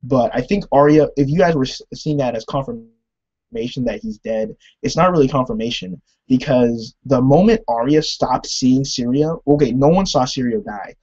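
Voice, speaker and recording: A young man recapping a TV episode in a rambling, animated way, laughing often and saying "like" a lot. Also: medium pitch, moderate pace, dull audio. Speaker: TV episode reviewer. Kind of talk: casual recap and commentary.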